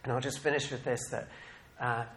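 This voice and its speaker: Man, preacher, sermon, animated, laughs often, quiet then suddenly loud, middling pitch. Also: fairly quick, a little hiss or hum. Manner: animated, laughing often, rising to bursts of loud excitement then dropping soft.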